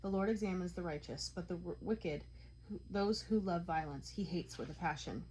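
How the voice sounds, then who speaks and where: Woman, lowish voice, measured psalm reading, co-host. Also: darkish tone, a little hiss or hum, rough recording. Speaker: Bible reader.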